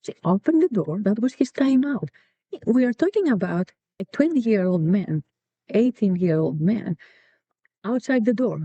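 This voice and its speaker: In a dull, dry lo-fi recording with no room sound, a middle-aged woman from Greece tells family stories in an interview. Her medium-pitched voice is warm and animated at a moderate pace. A podcast guest and co-founder, she reflects and repeats words as she searches for them.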